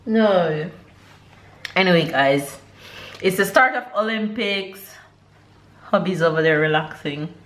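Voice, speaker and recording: A woman's voice: lowish voice, measured pace, fairly bright tone. Chatty young woman vlogging at home. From Jamaica. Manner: chatty, laughs often, coos at her baby. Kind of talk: casual family vlog. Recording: roomy echo, faint background noise.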